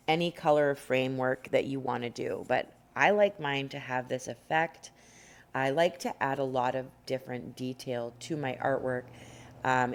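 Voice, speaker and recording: A woman's voice: a bass voice, a little hiss or hum. A woman teaching a painting tutorial from home, chatty and rambling with many fillers. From Canada. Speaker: rock painting instructor. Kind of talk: casual tutorial narration. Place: home indoors.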